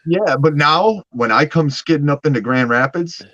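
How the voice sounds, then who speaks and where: A man's voice: on the high side, moderate pace, sharp tone, no room sound. Man, storytelling, acts out quotes, profane, casual chat, dull lo-fi recording. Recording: dull lo-fi sound.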